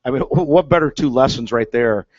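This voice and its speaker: A man's voice: medium pitch, moderate pace, darkish tone, dry recording. A man, a former catcher, telling a story in casual chat with lots of fillers and restarts. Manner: rambling, many fillers and restarts. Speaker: guest, former big-league catcher. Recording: dull, dry, lo-fi sound.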